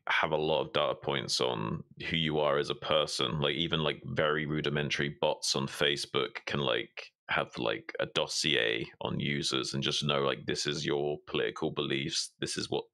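A man's voice: extremely low pitch, steady tone, normal speed, gravelly, hardly any pauses, sharp tone. A man in casual podcast chat, ranting animatedly with opinions and swearing. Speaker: podcast co-host.

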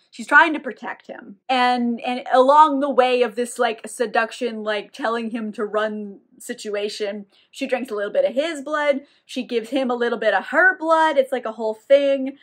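A woman's voice: fairly high pitch, moderate pace, fairly bright tone. A woman giving a casual, irreverent book recap, swearing freely and acting out the characters' lines. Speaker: book reviewer.

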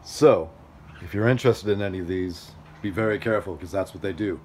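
Guy rambling through a story outside at a storage unit, kinda low voice, bit of faint outdoor hum behind him. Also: a little fast. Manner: chatty, animated storyteller who acts out others' lines. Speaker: outdoor gear vlogger. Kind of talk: casual storytelling vlog.

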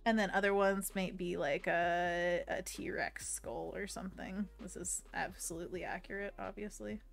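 A woman's voice: fairly low pitch, fairly even intonation, moderate pace, creaky, faint music behind. A young woman with a Pacific Northwest American accent, hosting a casual art livestream, bubbly and giggly as she chats with viewers while painting. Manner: bubbly, giggly, reads chat aloud. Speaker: livestream host and digital artist.

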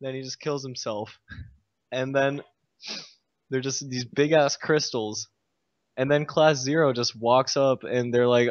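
A young gamer rants casually to camera about a game, sounding exasperated and sarcastic and sighing often. His mid-range voice stays steady and unhurried, and the recording is dry, dull and lo-fi with no echo.

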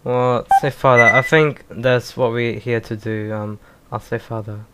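A man's voice: mid-range voice, fairly even intonation, a little slow, heavy background noise. A man commenting on a game as he plays, reacting with swearing and hesitant fillers. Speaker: gaming video host. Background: violin game music.

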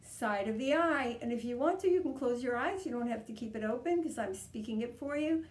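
A woman leading a guided tapping session, coaching calmly and repeating each step. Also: on the high side, fast. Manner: calm, repetitive, coaching tone. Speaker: EFT tapping practitioner. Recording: echoey room.

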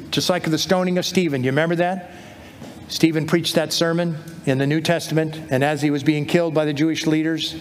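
A middle-aged man preaching a sermon in an earnest, heartfelt way, his voice sitting a little high. He reads scripture aloud with lifting emphasis. A faint hiss of noise runs under him. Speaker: pastor. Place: church hall.

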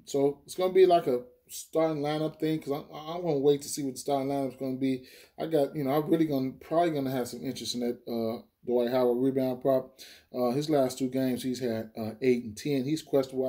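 A man's voice: medium pitch, fairly even intonation, brisk, dark tone. A man hosting a sports betting channel, casually breaking down picks, thinking aloud with lots of fillers and profanity. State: hiccuping.

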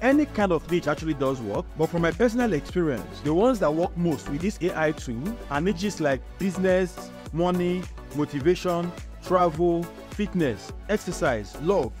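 A man hosting a screen-recorded software tutorial. He keeps checking in with the viewer with a quick "right?". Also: a little high, lively intonation, over music. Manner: chatty, repeats "right?" to the viewer. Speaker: tech tutorial host.

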